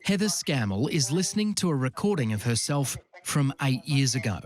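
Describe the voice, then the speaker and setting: A reporter giving scripted narration for a current affairs story, measured and expressive. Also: medium pitch. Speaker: documentary reporter.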